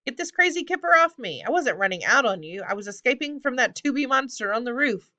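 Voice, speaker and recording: A woman voicing a rude, whiny male hobgoblin in a storybook reading who yells his complaints. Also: medium pitch, animated, normal speed. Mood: indignant. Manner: brash, yelling complaints.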